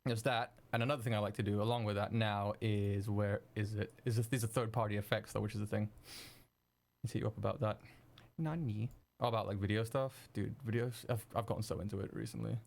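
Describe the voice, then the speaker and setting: Excitable young man, live-stream chat. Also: lowish voice, brisk, gravelly. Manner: excitable, swears freely, laughs often. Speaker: streamer editing video live.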